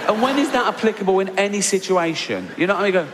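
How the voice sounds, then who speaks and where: A man's voice: animated, very fast, fairly bright tone, slight background noise. English male comic, sardonic, incredulous outbursts; theatre reverb, laughter. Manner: sardonic, mocking, bursts into high-pitched incredulous outbursts. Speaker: stand-up comedian. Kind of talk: stand-up comedy. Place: large theatre stage. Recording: big hall reverb with audience laughter.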